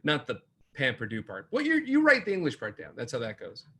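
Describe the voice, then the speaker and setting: A man's voice: mid-range voice, wildly swooping pitch, fairly quick, fairly bright tone, breathy edge. A man hosting an online pub trivia night. He reads and repeats each question and adds playful, jokey asides. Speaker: trivia host.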